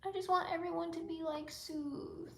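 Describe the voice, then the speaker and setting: A woman's voice: extremely high pitch, fairly even intonation, normal speed, a little mellow, roomy sound. A woman hosting a casual livestream, answering viewer comments in a playful, rambling way that keeps slipping into whispers. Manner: reads viewer comments aloud and answers them, often dropping into a whisper. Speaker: livestream host.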